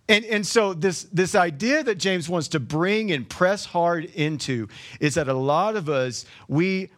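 A man's voice: on the high side, fairly bright tone. A man preaching a sermon as the pastor, conversational, with joking asides to the congregation and frequent repeated words.

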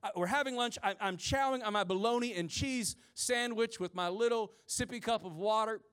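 A man's voice: high voice, normal speed, a bit bright, clear, resonant tone. A man in his forties, a pastor preaching a sermon to his congregation, telling stories with humorous asides. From rural Midwest of the US. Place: church before a congregation.

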